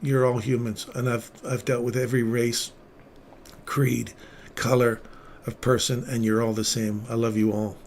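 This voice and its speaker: A man hosting a casual livestream, once a paramedic, talking with earnest feeling and sometimes dropping his voice very low. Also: flat delivery, moderate pace, a little mellow, slight background noise. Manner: earnest, emotional storytelling, drops to near-whisper at tender moments. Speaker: livestream trading host, former paramedic.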